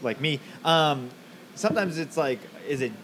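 A man's voice: on the high side, animated, normal speed, a bit bright, slight background noise. A man hosting a casual podcast interview, asking questions hesitantly with many fillers. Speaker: podcast host.

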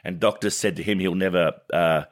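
A man's voice: low voice, fairly even intonation, fairly quick. A man co-hosting a sports podcast, chatting casually and laughing often as he tells stories.

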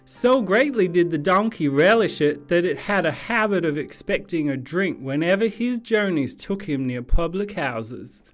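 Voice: mid-range voice, animated, moderate pace, few pauses, soft background music, close to an everyday voice. A podcaster putting on a Southern belle woman with a put-on Southern US accent to read old obituaries aloud, breaking into laughter between phrases. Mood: amused.

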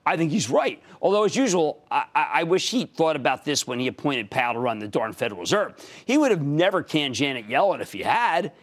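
A man with a Pennsylvania accent hosting a stock market show, emphatic and excitable, breaking into shouts of enthusiasm. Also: a little high. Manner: emphatic, shouts bursts of enthusiasm, fast and animated. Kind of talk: excitable financial commentary.

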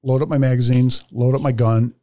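A man's voice: mid-range voice, level tone, brisk, dark tone, no echo. A man telling a story in casual podcast chat, blunt and profane, acting out the other people in it. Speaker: podcast co-host.

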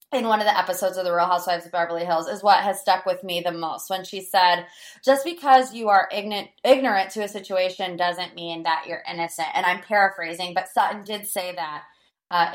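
A woman hosting a podcast in a casual gossip chat, animated, dramatic and sarcastic. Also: mid-range voice. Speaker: podcast host.

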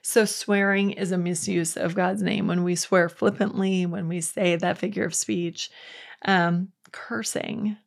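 A woman's voice: on the low side, steady tone, unhurried, creaky. A woman hosting a faith podcast, giving an earnest, conversational Bible teaching with quotes acted out. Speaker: podcast host.

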